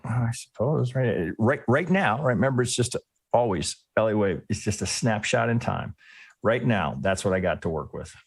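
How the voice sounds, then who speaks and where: A man's voice: lowish voice, expressive, normal speed, vocal fry, husky, dry recording. A man teaching a trading lesson while he analyzes a chart live. He thinks aloud in a casual way, restarts his sentences often and keeps asking "right?". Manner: casual, occasionally swears. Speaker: trading educator.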